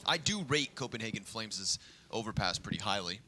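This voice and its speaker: A man doing play-by-play commentary on an esports match, quick and excitable on big plays, relaxed in between. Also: on the low side, noisy background.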